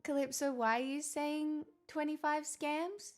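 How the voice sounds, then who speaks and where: A woman's voice: high-pitched, steady tone, a little slow, faint music behind. Chatty woman streamer. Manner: chatty and matter-of-fact, with frequent laughs and self-mockery. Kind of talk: casual live-stream chat, answering viewer messages.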